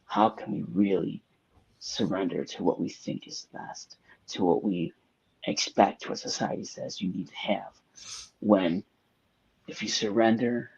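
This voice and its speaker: A man's voice: on the low side, gravelly, slightly rough, lo-fi sound. A man co-hosting a spiritual live-stream discussion, reflective and storytelling, speaking in long winding sentences. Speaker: co-host.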